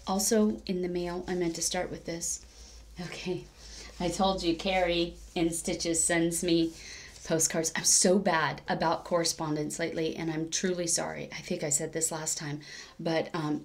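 A woman's voice: fairly low pitch, steady tone, normal speed. A woman chatting casually on her cross-stitch vlog, rambling, correcting herself as she goes and laughing often. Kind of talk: casual crafting vlog chat.

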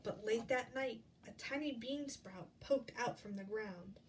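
A woman reads a picture book aloud, stopping to ask children gentle questions. Her pace is slow and her voice sits a little high. The mic is set back, with faint ambience in the room. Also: distant mic, slight background noise. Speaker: storyteller reading to children.

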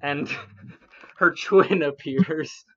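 A woman's voice: low-pitched, drawn-out words. A woman narrating as game master in a casual, laughing, sometimes swearing way. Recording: muffled lo-fi audio.

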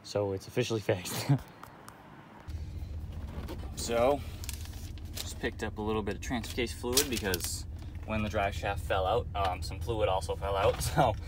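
A man's voice: on the low side, unhurried, long pauses, background noise. A young man, telling a casual, profane story about a salvage yard and laughing as he vents. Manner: animated, profane, laughs while venting. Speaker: car vlogger.

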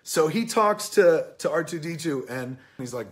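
A man's voice: a little high, animated, measured pace, few pauses. A man in his forties giving a casual spoken movie review, rambling and heartfelt, with plenty of swearing. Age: 40s. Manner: rambling, profane, heartfelt storytelling. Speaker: film reviewer.

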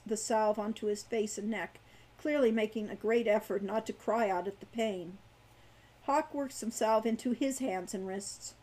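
A woman reading her own fantasy novel aloud in a measured, expressive way. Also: on the high side, rough recording.

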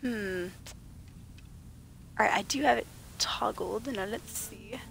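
A woman's voice: mid-range voice, takes it slowly, vocal fry, fairly bright tone. Chatty woman livestreamer, a little sick. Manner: playful, chatty, laughs often, reads chat aloud. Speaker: livestreamer playing a game. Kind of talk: casual livestream chat with viewers.

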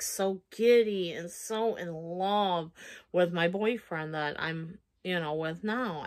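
A young woman vlogger telling a personal story in a casual, rambling way, full of fillers and restarts. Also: fairly low pitch.

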